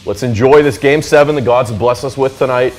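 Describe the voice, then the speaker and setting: A man's voice: mid-range voice, brisk, faint music behind. Mock-solemn male sketch co-host. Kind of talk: scripted comedy sketch.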